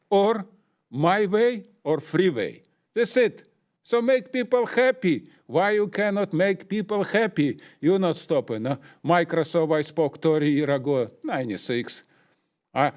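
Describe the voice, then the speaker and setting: A man's voice: a little high, darkish tone. Impassioned man with broken English. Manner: emotional, broken non-native English. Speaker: public commenter. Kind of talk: impassioned public comment.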